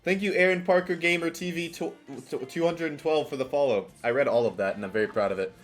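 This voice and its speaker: A man with a fairly high voice and a quick pace livestreams a party game as faint music plays behind him. He chats casually and self-mockingly, wandering off topic and restarting sentences often.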